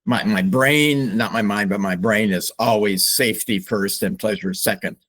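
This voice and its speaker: An older man, a psychologist guest on a podcast, speaking slowly and reflectively with open emotion. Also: on the low side, fairly bright tone. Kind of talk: podcast interview.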